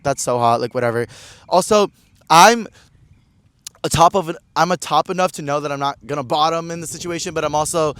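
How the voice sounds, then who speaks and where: Fast-talking young man spinning a story. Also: fairly high pitch, fairly bright tone, clean tone. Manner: chatty, slangy, peppered with "like". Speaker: podcast host. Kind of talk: casual storytelling.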